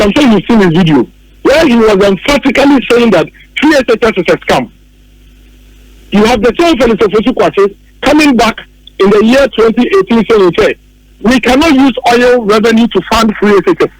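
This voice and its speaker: A Ghanaian-accented man delivers heated political commentary in a high, ringing voice. He hammers his points home, repeating phrases and mocking opponents, and the studio sound is close and dry. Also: no echo, rough recording. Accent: Ghanaian English. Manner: emphatic, repeats key phrases, mocks opponents.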